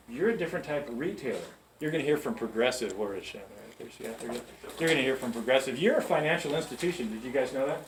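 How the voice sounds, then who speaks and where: A mid-range male voice, faintly hissy or humming, tells chatty stories to a group of new staff at a large music store and checks in with them along the way. This storytelling pep talk is captured from far off in the store's echoey space.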